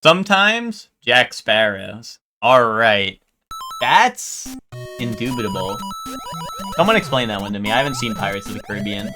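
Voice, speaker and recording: A man's voice: on the low side, lively intonation, moderate pace, sharp tone, faint music behind. A young man chatting casually with his viewers during a live game stream, joking and riffing on chat.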